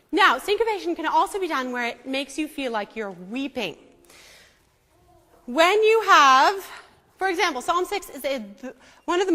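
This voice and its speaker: A woman leads a church group through a psalm-singing lesson in a very high, bright voice, coaxing and demonstrative. She speaks slowly and deliberately. The sound carries a long hall echo, with faint singing behind her. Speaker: church music leader. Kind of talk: teaching a group to sing psalms.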